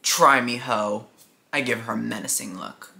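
A man voicing a threatening mafia-style AI boyfriend chatbot in a comedic role-play, with a slow, low, menacing delivery. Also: gravelly, sharp tone, full character voice.

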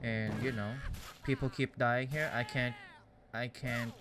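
A man's voice: mid-range voice, steady tone, unhurried, noisy background. A young man, rambling and joking through casual gameplay commentary. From Canada. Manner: rambling, jokey, self-deprecating. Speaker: gaming YouTuber.

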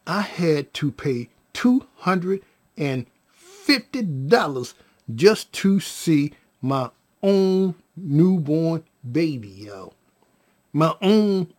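Husky, slow-talking storyteller man. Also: fairly high pitch. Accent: Californian. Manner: animated storytelling, slangy, addresses listeners as y'all. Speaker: vlogger telling his own story. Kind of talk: emotional personal storytelling.

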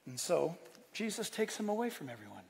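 A man preaching a sermon, lively, acting out quotes and asking his listeners questions. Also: sits high, brisk, gravelly, big-room sound. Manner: animated preaching, acts out quotes, asks the room. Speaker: pastor.

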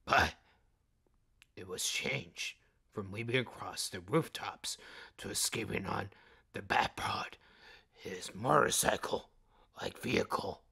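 Gravelly, husky male podcast host, slow and deliberate, reads trivia with comic asides. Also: on the low side, bright, forceful tone. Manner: jokey outbursts between read facts.

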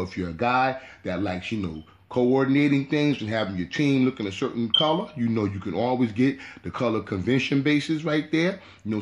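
A man's voice: mid-range voice, muffled recording. A man hosting his own hobby channel, giving a casual, repetitive how-to talk full of "you know". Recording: echoey room.

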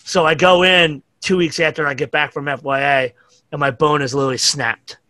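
On the high side and fairly quick, this middle-aged New Yorker's voice is bright and forceful with fairly even intonation. He's a podcast guest telling rambling, profane anecdotes with acted-out quotes in casual chat, recorded with no room sound.

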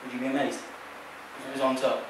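A man's voice: mid-range voice, monotone, moderate pace, very noisy. A man performing a card trick on stage, teasing his volunteer with playful patter. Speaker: stage magician. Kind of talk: live stage magic patter. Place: large theater stage. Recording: echoey theater sound from a distance.

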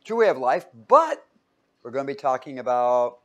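A man leads a Bible teaching in a relaxed, joking way. He talks in an everyday voice of middle pitch and keeps turning to his listeners with questions. It sounds like a teaching room with a whiteboard. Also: moderate pace. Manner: casual, joking, asks the audience questions.

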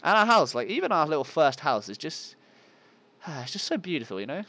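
A man's voice: a little high, big pitch swings, moderate pace, bright, forceful tone. A man giving casual, self-mocking let's play commentary and talking to his viewers. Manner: yelps at game monsters. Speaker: gaming channel host.

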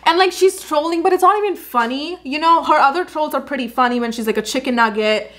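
A woman's voice: high voice, quick pace, fairly bright tone. A woman in her twenties reacting to videos in a casual vlog, chatty and swearing, full of filler words. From India.

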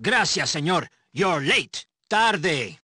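An actor playing a fussy, fretful old café owner in a video game, complaining. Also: male voice, fairly high pitch, big pitch swings, slow pace, sharp tone, breathy edge, no echo, studio quality, full character voice. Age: older.

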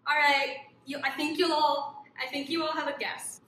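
A woman book vlogger chatting casually to viewers while unboxing, gushing and excited as she talks. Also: high voice, moderate pace, hardly any pauses. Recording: echoey room with faint background noise.

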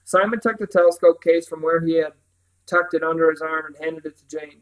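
A man's voice: a little high, fairly even intonation, a little fast, low-quality recording. A man reading a children's novel aloud, carefully, with occasional slips and restarts. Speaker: reader.

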